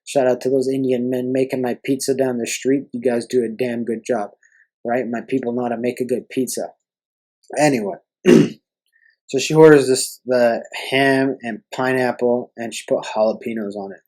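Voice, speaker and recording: Young male host, solo rant, exasperated and profane, mid-pitched. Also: fairly even intonation, moderate pace, darkish tone, low-quality recording. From Canada. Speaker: podcast host. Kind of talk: solo ranting podcast.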